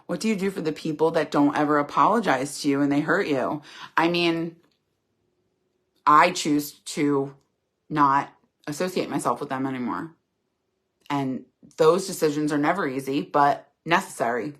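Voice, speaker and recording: A woman's voice: low voice, normal speed, fairly bright tone. A middle-aged woman hosting a casual live chat, reading viewers' comments aloud and answering them earnestly and candidly.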